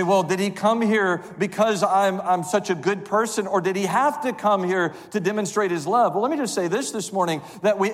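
A man preaching a sermon, reading scripture aloud and leading the congregation in call-and-response. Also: high voice. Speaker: pastor. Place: church sanctuary. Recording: long reverb of a church hall.

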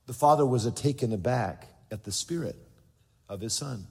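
Husky pastor preaching in a reverberant hall. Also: male voice, medium pitch, normal speed, a little mellow. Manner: earnest preaching with stammered word repeats; acts out quoted voices in storytelling. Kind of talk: sermon. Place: large church sanctuary. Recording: long reverb of a large hall.

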